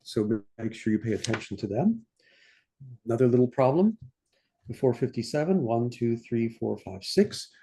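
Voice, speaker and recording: Older man with a mellow voice, scatting phrases. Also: mid-range voice. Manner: sings passages in scat syllables between instructions. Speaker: conductor teaching a masterclass. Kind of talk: online masterclass walkthrough of a score. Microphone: computer mic on a video call.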